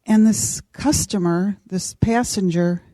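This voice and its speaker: Mellow-voiced woman telling a story. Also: mid-range voice, slow pace, no room sound. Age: middle-aged. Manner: animated, acts out quoted voices. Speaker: podcast co-host. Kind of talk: casual storytelling.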